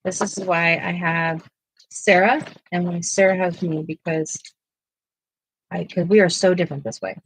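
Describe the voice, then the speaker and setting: A woman's voice: lowish voice, fairly even intonation, measured pace, husky, dry recording, poor audio. A sleepy woman chatting and teasing casually at home while helping sort pencils. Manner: chatty, teasing, laughs easily. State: sleepy, yawning. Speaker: co-host. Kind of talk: casual chat.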